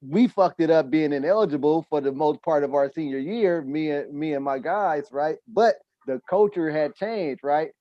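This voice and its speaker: A man's voice: a little high, moderate pace, few pauses, dry recording, dull audio. A man hosting a podcast, telling sports stories in loose, profane casual chat full of restarts and asides. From United States. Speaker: podcast host.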